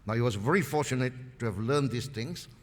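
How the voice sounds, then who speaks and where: A man's voice: medium pitch, a little fast. A man gives a seminar talk, stressing his points by repeating key phrases. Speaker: seminar speaker. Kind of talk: market presentation with anecdotes. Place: seminar hall. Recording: long reverb in a seminar hall.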